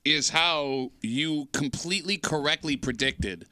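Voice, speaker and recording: A man's voice: fairly high pitch, unhurried, sharp tone, no room sound. A middle-aged man co-hosting a radio show, bantering in a teasing, sarcastic way from the studio.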